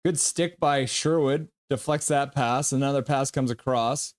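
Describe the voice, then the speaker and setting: A man's voice: medium pitch, fairly even intonation, unhurried. Jokey man calling hockey. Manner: jokey, banters with chat between play calls. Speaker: live stream host. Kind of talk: casual play-by-play and chat reading.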